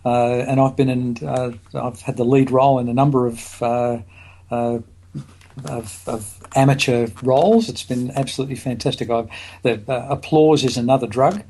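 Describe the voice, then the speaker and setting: A man's voice: medium pitch, steady tone, normal speed, warm tone. A man speaking as a psychologist guest on a podcast, with a hesitant delivery full of fillers and restarts. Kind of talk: podcast interview.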